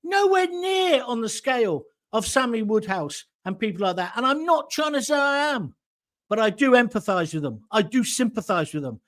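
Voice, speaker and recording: High-pitched, ranting older Englishman. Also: expressive, moderate pace, a bit bright. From England. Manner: ranting, blunt, swears freely. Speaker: host. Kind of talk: live reaction commentary.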